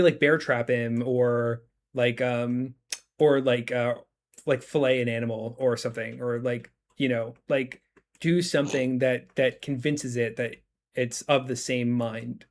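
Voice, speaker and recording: A man with a sick voice, casually chatting as game master, rambling with many fillers. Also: mid-range voice. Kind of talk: casual chat.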